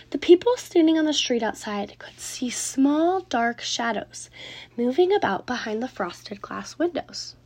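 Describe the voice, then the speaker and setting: Expressive woman reading a children's book. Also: fairly high pitch, unhurried. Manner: expressive, dramatic. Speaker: storyteller.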